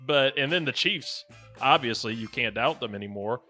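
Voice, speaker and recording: A man's voice: mid-range voice, animated, normal speed, sharp tone, faint music behind. A young man hosting a casual sports podcast, joking and keeping the countdown moving. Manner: joking, upbeat, runs the countdown. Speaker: podcast host.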